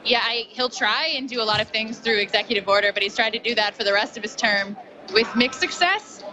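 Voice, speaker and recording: Woman interviewee, wry and measured, slightly high, noisy background. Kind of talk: casual chat. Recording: noisy event floor.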